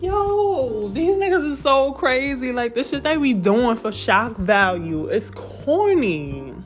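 A woman's voice: high voice, very animated, slow, soft background music. A woman ranting casually about a video game, profane and exasperated, often breaking into laughter. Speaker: gamer reviewing a video game.

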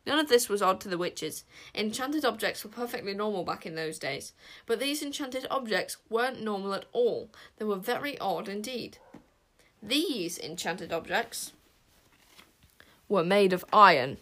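A woman reading a children's fantasy story aloud with expressive narration. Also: mid-range voice, moderate pace. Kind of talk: audiobook narration.

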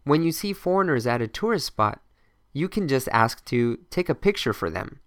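A man teaching English phrases in a scripted podcast lesson, modeling each phrase clearly for learners to repeat. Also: medium pitch, very animated, normal speed, a bit bright, no room sound, studio quality.

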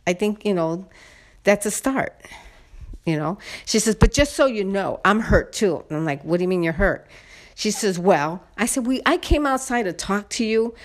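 A woman's voice: medium pitch, expressive, normal speed. A woman telling viewers a personal story in a casual, indignant, venting way, addressing them directly. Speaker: vlogger.

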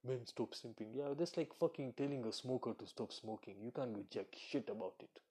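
A man giving a blunt, profane casual rant, voice dark and mellow. His tone is a little husky, and he slips into short acted-out quotes. He speaks at an ordinary middle pitch. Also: a little fast. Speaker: commentator. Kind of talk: casual monologue.

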